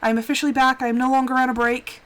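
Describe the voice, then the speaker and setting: Talking very fast in a high voice with little pitch movement, a woman game streamer chats informally with her audience. She addresses viewers directly, sounding openhearted and soothing.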